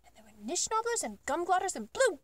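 A woman reading a children's book aloud with expressive, animated storytelling. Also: very high voice, fairly quick, dry recording.

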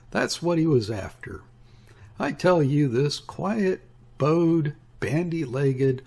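Guy narrating an old sea story, slow and gravelly, husky voice, lots of ups and downs. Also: medium pitch. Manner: measured, expressive first-person storytelling. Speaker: audiobook reader.

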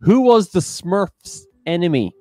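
A man's voice: high-pitched, very animated, measured pace, warm tone, no room sound, soft background music. A man co-hosting a live-streamed quiz, reading questions and options aloud in a playful way. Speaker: quiz co-host.

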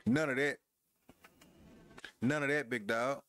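Over his headset, a gamer offers laid-back commentary on his wrestling game, mocking his opponent, laughing, and addressing his viewers. He has a mid-range, slightly bright voice and talks at a slow pace.

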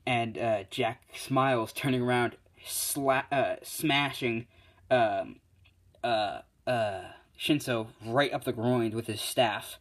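A man casually retelling a fan story, halting with many fillers and self-corrections. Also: medium pitch, steady tone, fairly bright tone.

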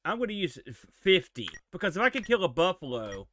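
A man giving casual, animated live-stream commentary while playing a retro game, exclaiming and joking at it. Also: high-pitched, fairly quick, faint music behind.

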